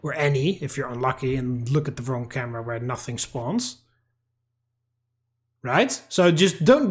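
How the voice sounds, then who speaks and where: A man's voice: medium pitch, expressive, unhurried, pauses often. A man giving profane, angry let's-play commentary while ranting at a game. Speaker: gaming YouTuber.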